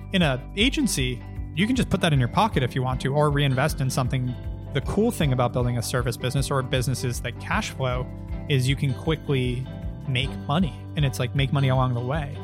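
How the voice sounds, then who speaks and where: A man in his thirties, a business founder telling stories in a casual interview, blunt and profane, with lively delivery. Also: medium pitch, fairly quick, music in the background. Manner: blunt, profane, animated storyteller. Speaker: agency founder and guest.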